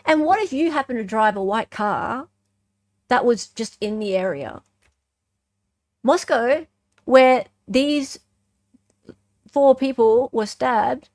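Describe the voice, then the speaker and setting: An Australian woman hosting a casual true-crime commentary in a fairly high voice. She sounds animated and sarcastic and keeps firing "right?" at her listeners. The sound is dry, with no room echo. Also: slow pace, long pauses.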